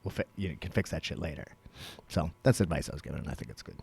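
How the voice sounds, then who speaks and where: A man co-hosting a podcast, telling stories in casual, profane, animated chat. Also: very deep voice, quick pace, vocal fry, breathy edge. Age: young adult. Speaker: podcast co-host.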